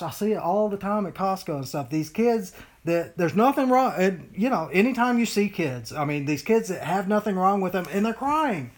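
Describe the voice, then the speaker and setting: An informal Bible study leader at a middle, everyday pitch, talking casually to a small group. The delivery is animated and rambling, full of fillers and restarts, and often slips into whiny put-on voices to make a point.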